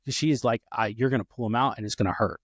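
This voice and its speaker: Talking rapid-fire in a mid-range voice, a male podcast host keeps the conversation casual, restarting often, using lots of fillers, and performing any dialogue he quotes. The sound is clean studio audio with no room sound.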